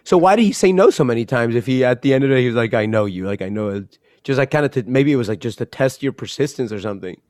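A man's voice: medium pitch, lively intonation, fast, few pauses, a little mellow, no echo, studio quality. A man hosting a casual interview, reacting in an easygoing, slangy way. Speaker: host.

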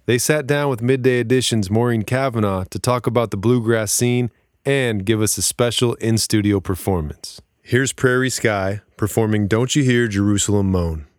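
A man reading a scripted radio introduction in a measured, polished manner. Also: fairly low pitch, smooth, no room sound, clean studio sound. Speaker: radio announcer.

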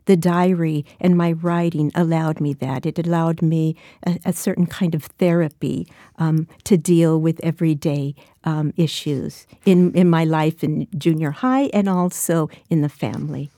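A woman's voice: low voice, steady tone, unhurried, few pauses, warm tone, no echo, clean studio sound. A woman in her sixties, an author being interviewed, who speaks reflectively with frequent restarts. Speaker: author and guest. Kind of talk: interview conversation and reading.

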